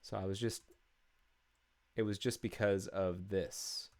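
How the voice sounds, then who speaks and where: Man, live coding stream, casual thinking aloud, fillers and restarts, clear resonant voice. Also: deep voice, fairly even intonation, slow.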